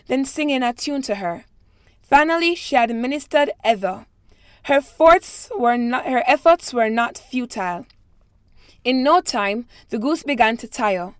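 Woman, Jamaican accent, fairly high voice, close dry sound, steady careful delivery. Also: no room sound. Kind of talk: reading a set passage, then explaining her accent.

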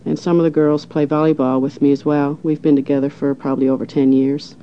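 A middle-aged woman from St. John's, Newfoundland, with a townie accent, talking in a relaxed, easygoing way in a recorded interview with frequent pauses. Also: low-pitched, a little hiss or hum. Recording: dull lo-fi recording.

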